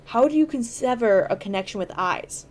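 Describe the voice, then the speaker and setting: A woman's voice: fairly high pitch, animated, brisk, slight background noise. A woman hosting a podcast, chatting casually and explaining at length with enthusiasm and plenty of fillers. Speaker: podcast host.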